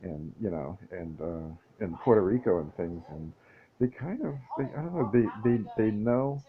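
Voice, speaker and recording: A man with a fairly low voice thinks out loud in a loose solo monologue. He stumbles through restarts and fillers and now and then chuckles to himself. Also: expressive, normal speed, narrow, tinny audio, a crowd in the background. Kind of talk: rambling casual monologue.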